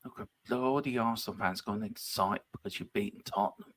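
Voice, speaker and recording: A man's voice: fairly low pitch, fast, slightly rough. A man appearing as a guest on a live football watchalong, chatting animatedly and joking with the host. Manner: joking, animated, puts on silly voices. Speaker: guest from a fan channel.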